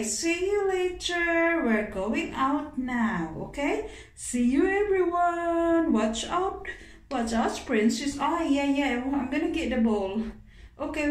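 A woman vlogging as she takes her dog out, mixing Filipino and English and coaxing the dog in a high sing-song voice. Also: slight background noise. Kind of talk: casual vlog chat. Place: home, then outdoors on a walk.

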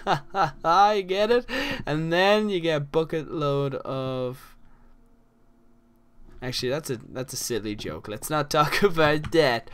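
A man's voice: a little high, a little slow, fairly bright tone, clean tone. An Irish man giving casual, rambling commentary while playing a game, full of crude jokes and asides. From Ireland. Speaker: gaming channel host.

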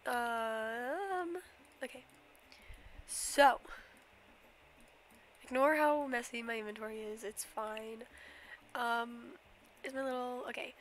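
A young woman who's slightly sick gives a casual Minecraft stream tour, rambling and giggling with lots of fillers and apologies. Her voice is a little high and a bit bright, with slight background noise.

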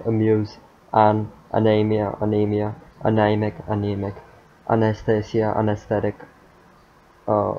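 A man reading dictionary words aloud one after another, in a monotone, with stumbles, fillers and muttered asides. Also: lowish voice. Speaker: youtuber. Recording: dull lo-fi mic with faint noise.

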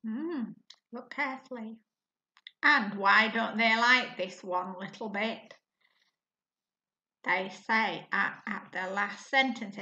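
A woman teacher guiding a reading lesson, asking her pupils questions patiently and often clearing her throat. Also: medium pitch, sharp tone. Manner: slow and patient, asks questions to the class. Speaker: primary school teacher. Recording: echoey room, dull lo-fi sound.

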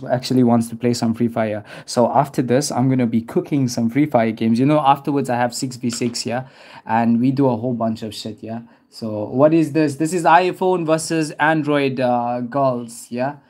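A man's voice: mid-range voice, normal speed, darkish tone. A man hosting a live gaming stream, hyped and repeating calls for players to hurry up.

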